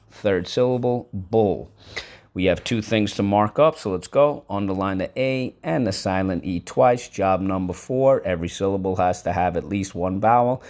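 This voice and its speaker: A man teaching a vocabulary and spelling lesson, breaking words into syllables slowly and talking casually with frequent check-ins. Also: deep voice, a little mellow. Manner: slow, deliberate syllable-by-syllable teaching; conversational, with frequent fillers like "all right".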